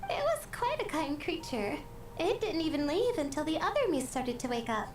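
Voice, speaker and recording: A woman's voice: sits high, big pitch swings, moderate pace, distant mic, a little hiss or hum. An actress voicing a shy, sleepy young female scholar in game dialogue who turns hesitant and stammers when flustered. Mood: earnest. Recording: game audio under music.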